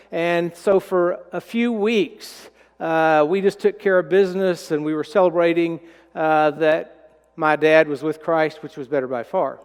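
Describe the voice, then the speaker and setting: A middle-aged man preaching a sermon, telling a personal story in a folksy way and dropping to a hushed voice when he is moved. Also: high-pitched, smooth. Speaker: pastor. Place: church sanctuary. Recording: reverberant church sanctuary.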